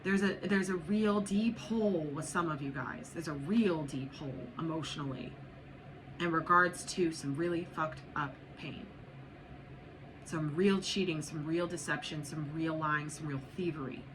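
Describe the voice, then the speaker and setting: A woman's voice: low voice, unhurried. Blunt, profane woman giving a tarot reading. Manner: blunt, profane and emphatic, with repeated urging. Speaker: tarot reader. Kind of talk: spiritual tarot reading to viewers. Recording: noisy background.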